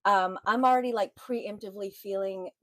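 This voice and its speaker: A woman's voice: medium pitch, steady tone, moderate pace, no room sound. A middle-aged woman co-hosting a podcast, talking bluntly with hesitant fillers. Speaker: podcast co-host. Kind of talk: casual chat.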